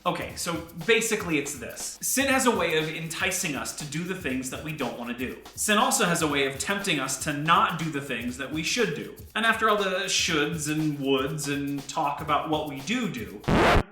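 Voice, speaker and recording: A man's voice: on the high side, animated, normal speed, few pauses, pushed and bright, faint music behind. A man hosting a comedic devotional vlog, talking in a playful, self-mocking but earnest way. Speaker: host. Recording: echoey room.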